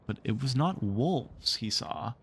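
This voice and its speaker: A man reading a storybook aloud on a stream and chatting casually, animated and playful. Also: medium pitch, takes it slowly, husky. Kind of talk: read-aloud narration and casual stream chat.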